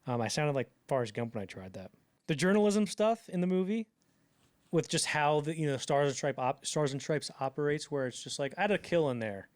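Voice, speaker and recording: A young man co-hosting a podcast in casual chat, talking animatedly and jumping into loud acted-out quotes. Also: fairly high pitch, fairly quick, clean tone. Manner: animated, acts out quotes in bursts, many fillers. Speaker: podcast co-host.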